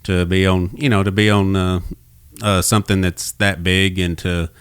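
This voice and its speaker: A man hosting a podcast, asking relaxed, halting questions with many fillers. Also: sits low, clear, resonant tone, dry recording, clean studio sound. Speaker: podcast host. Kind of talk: casual interview chat.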